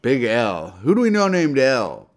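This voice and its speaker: A young man co-hosting a casual comedy podcast, joking crudely and getting loud when riled. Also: mid-range voice, huge pitch swings, unhurried, crowd noise. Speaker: podcast co-host.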